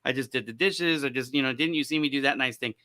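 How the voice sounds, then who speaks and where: A man leads a relaxed panel talk with a very bright, ringing voice. He jokes easily and acts out little quoted exchanges as he goes. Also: mid-range voice, quick pace. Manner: joking, animated storytelling with quoted voices. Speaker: panel host. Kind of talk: casual panel discussion.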